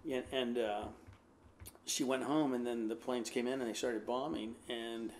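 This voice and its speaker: A man's voice: medium pitch, steady tone, unhurried, slight background noise. A man, an American pastor, telling a rambling personal anecdote in a casual way, with lots of fillers. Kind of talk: casual storytelling.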